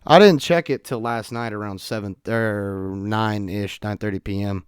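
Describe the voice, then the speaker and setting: A young man telling stories in an animated way on a casual podcast monologue. He swings between loud outbursts and quiet asides. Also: on the low side, moderate pace, clean tone, dry recording, studio quality. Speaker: podcast host.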